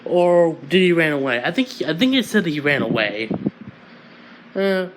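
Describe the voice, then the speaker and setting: A man's voice: a little high, animated, normal speed, background noise. A man improvising a fan-fiction story, giggling, apologizing and restarting often.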